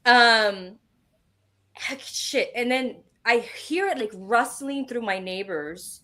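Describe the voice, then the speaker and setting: A woman guest, a medium, telling a personal story in a casual interview, animated and sprinkled with swearing. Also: a little high, slow pace.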